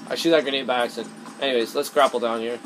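A let's-play gamer speaks very fast in a steady, mid-range voice, giving rambling, self-conscious commentary sprinkled with frequent swearing. The recording is noisy, dominated by loud gunfire and game sounds.

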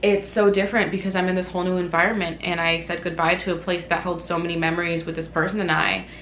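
A young woman talking openly in a personal vlog, emotional and a little teary, moving between quiet reflection and loud self-mocking outbursts. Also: on the low side, level tone, fast, a little hiss or hum. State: teary, recovering from crying. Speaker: vlogger. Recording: echoey room.

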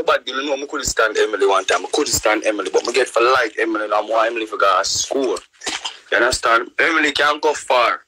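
A young man with a Jamaican accent, live-streaming a profane, loud-mouthed rant in patois. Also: mid-range voice, a little hiss or hum, rough recording. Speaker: livestreamer.

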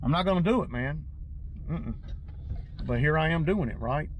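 A man with a rather high voice rants to his viewers from his work truck. He sounds agitated and rambles, stumbling over and repeating words as he goes. Faint outdoor ambience sits under him. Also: lively intonation, normal speed, phone-quality sound, a little hiss or hum. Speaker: lawn care business owner. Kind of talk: casual vlog rant to viewers.

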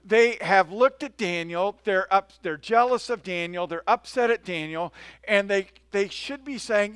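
A male pastor preaching a sermon in a relaxed, conversational way, telling stories and often checking in with his listeners. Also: sits high, a little slow, clear, resonant tone, dry recording, studio quality. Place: church.

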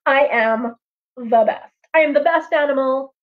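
A vain, self-admiring male raven from a spoken folk tale, drawling on about how gorgeous he is, as a woman storyteller puts him on. The high voice comes through dull, lo-fi livestream audio. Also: a little slow. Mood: boastful. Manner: showy, drawling self-praise.

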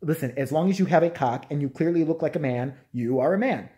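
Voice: medium pitch, fast talker, dark tone, lo-fi sound. A vlogger ranting in a profane, mocking commentary and often laughing.

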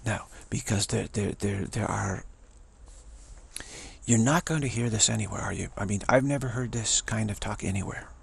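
A man's voice: fairly low pitch, moderate pace, creaky, breathy edge. A man giving a casual spiritual teaching talk, musing and earnest, repeating phrases for emphasis.

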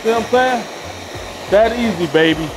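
Hyped, slangy man with a high voice. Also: moderate pace, noisy background. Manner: loud, hyped, slangy and boastful. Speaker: fitness vlogger. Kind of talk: casual vlog.

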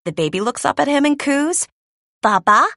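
Woman reading a kids book, super animated, dry close sound. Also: sits high, fairly quick, gravelly, no room sound. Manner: lively, expressive. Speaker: storybook reader. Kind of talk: children's story read-aloud.

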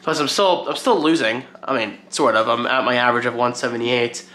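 A man's voice: mid-range voice, brisk, pushed and bright, slight background noise. A man vlogging in a casual, rambling, self-deprecating way about his day. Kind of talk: casual daily vlog chat.

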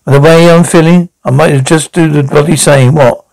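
A man trading brash, crude sitcom dialogue in a gravelly voice. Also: a little high, steady tone, fairly quick, a little mellow, rough recording.

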